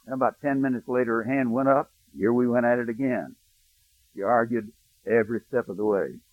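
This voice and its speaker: A male pastor preaching a sermon, telling a personal story, hushed in tender moments and rising to emphatic preaching. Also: medium pitch, brisk, dry recording. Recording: dry, thin phone-like sound.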